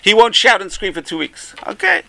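A man teaching a religious class, telling stories with lively acted-out voices. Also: sits high, a little fast, gravelly, dry recording. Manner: animated storytelling with acted-out voices. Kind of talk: Torah class talk.

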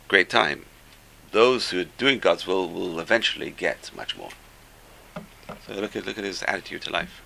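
A man teaching a Torah lesson as an animated storyteller, rising high when he quotes the rabbis and dropping low for his asides. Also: fairly quick, gravelly.

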